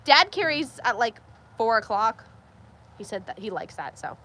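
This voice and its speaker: A young woman hosting a casual farm livestream, chatty and quick to laugh as she reads viewer comments aloud. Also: a little high, big pitch swings, bright, forceful tone. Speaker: livestream host. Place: farm barn with rain outside. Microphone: phone livestream.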